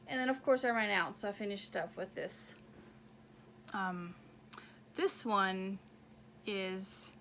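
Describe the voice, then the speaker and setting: A woman's voice: mid-range voice, sharp tone, slight background noise. A woman hosting a knitting video podcast, chatting casually and rambling as she shows off her projects and counts squares aloud. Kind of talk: casual show-and-tell chat.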